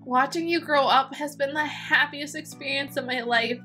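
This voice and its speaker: A proud, gentle father speaks to his grown daughter in a video game, read out by a woman. The voice stays high and bright rather than deep. The lines are read plainly, with warm fondness. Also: steady tone, moderate pace, faint music behind.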